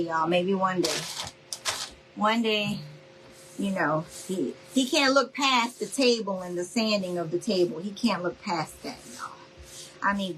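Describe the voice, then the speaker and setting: A woman's voice: medium pitch, background noise. Chatty woman crafting live. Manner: chatty, folksy, talks straight to viewers. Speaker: craft video host. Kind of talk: casual livestream crafting chat.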